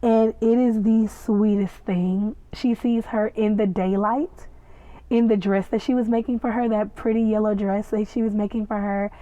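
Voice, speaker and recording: Her voice is mid-range and dark, with fairly even intonation and normal speed, as this woman hosts a podcast reviewing a TV episode. She recaps and reacts in a gushing, chatty way, adding playful asides. The audio is dry with no echo but tinny, like a phone.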